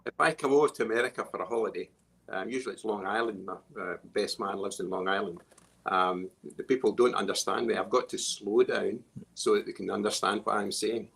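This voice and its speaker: A man's voice: lowish voice, steady tone, a little fast, vocal fry, fairly bright tone, breathy edge. A Scottish man who is a musical guest on a talk show, chatting with dry, wry humour. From Scotland. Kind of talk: casual chat.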